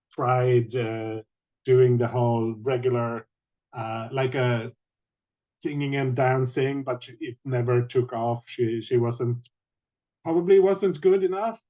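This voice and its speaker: A man playing in an online tabletop game, explaining his character hesitantly with frequent pauses. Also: medium pitch, darkish tone, dull audio. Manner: hesitant, many fillers and restarts. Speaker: player.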